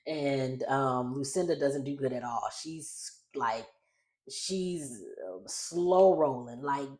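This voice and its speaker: A woman talks through a reality show episode in a loose, chatty recap. Her voice sits very low for a woman, and she rambles and corrects herself as she goes. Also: slow, a little mellow. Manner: chatty, rambling, self-correcting, laughs often. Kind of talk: casual recap chat.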